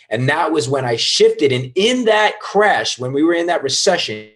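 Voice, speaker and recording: A man's voice: fairly high pitch, sing-song, normal speed, fairly bright tone. A man in his thirties, a guest entrepreneur, telling his life story in a casual interview with emphatic, casual delivery.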